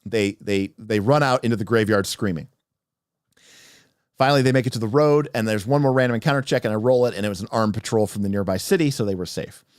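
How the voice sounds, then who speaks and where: A man narrating a tabletop game story on a livestream as game master, animated and rambling with restarts. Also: fairly low pitch, quick pace, dry recording, studio quality.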